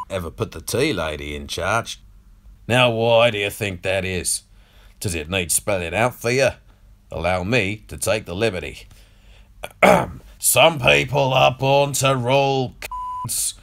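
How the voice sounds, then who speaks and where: A man's voice: lowish voice, fairly bright tone, full character voice. A man voicing a crude, sneering elderly media baron in a put-on Australian accent, in a comedy podcast monologue. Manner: foul-mouthed, gloating, mocking.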